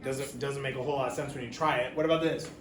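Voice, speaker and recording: A man's voice: medium pitch, steady tone, quick pace. A man teaching a phonics lesson, patiently sounding out letters for children. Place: classroom. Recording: echoey room, mic far off, background noise.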